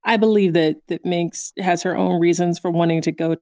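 A woman co-hosts a podcast, animatedly recapping a cartoon episode in casual chat and laughing often. Her voice is on the low side and darkish, with a steady tone at normal speed, recorded dry with clean studio sound.

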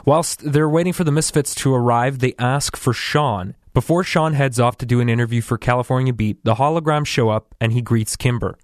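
A man's voice: mid-range voice, a little fast, few pauses, no room sound, clean studio sound. A man co-hosting a podcast in casual chat, recapping a cartoon episode and thinking aloud with hedges. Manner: easygoing, hedging, thinks aloud. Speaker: podcast co-host.

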